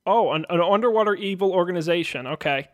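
Brief: self-deprecating male co-host, restarts a lot, high voice, dry close sound. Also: fast talker, dry recording. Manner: stammering, self-deprecating, laughs often. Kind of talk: comedic podcast banter.

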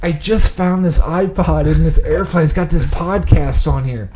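A man jokingly voicing a breathless young woman castaway, slow and breathy. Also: a little high, background noise, voice pushed up, lightly acted. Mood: mock urgent.

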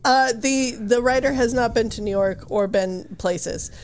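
Woman, podcast co-host, casual recap, wry and sarcastic, slightly high voice. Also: measured pace. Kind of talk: casual book recap chat.

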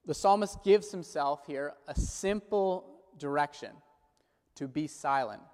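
A man preaching a sermon in a measured, earnest way, slowing down when he quotes prayers and scripture. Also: on the high side, darkish tone. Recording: long hall reverb.

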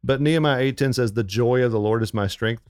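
A man on the church staff, co-hosting a casual faith podcast in an animated, upbeat way, with lots of fillers. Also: medium pitch, fast, no room sound, clean studio sound.

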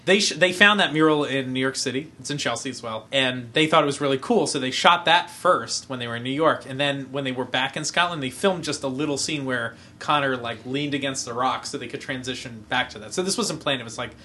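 A man's voice: medium pitch, fairly quick, hardly any pauses, pushed and bright, a little hiss or hum. A man co-hosting a podcast, giving a rambling scene-by-scene recap in casual film discussion. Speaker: podcast co-host.

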